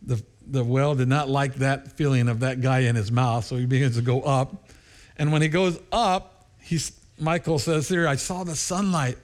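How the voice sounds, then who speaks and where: A man preaching a sermon as a pastor, telling stories with lively energy, laughing often and jumping higher when acting out voices. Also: normal speed.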